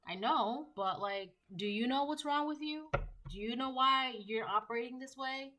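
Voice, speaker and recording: A woman doing a tarot reading, bright and forceful, pushing the same point again and again. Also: sits high, normal speed, poor audio. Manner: emphatic, repetitive rhetorical questions. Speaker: tarot reader. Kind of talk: collective tarot reading monologue.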